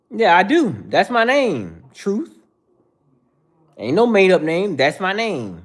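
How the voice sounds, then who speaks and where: A man's voice: sits high, breathy edge. A man in his thirties hosting a livestream, bluntly lecturing viewers in the chat with repetitive slang. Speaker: livestream host. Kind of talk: casual livestream rant.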